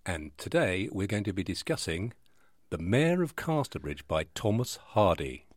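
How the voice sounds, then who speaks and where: A man with a lowish voice co-hosts a book podcast. He talks in a teasing, jokey way. The recording is dry and close. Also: sing-song, normal speed, dry recording. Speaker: podcast co-host. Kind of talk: casual chat.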